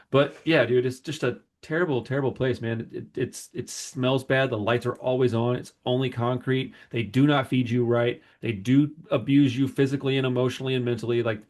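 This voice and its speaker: A man on a podcast telling a long personal story in casual chat, rambling and acting out the people he quotes. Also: mid-range voice. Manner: rambling, animated retelling with quoted voices. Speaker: podcast host.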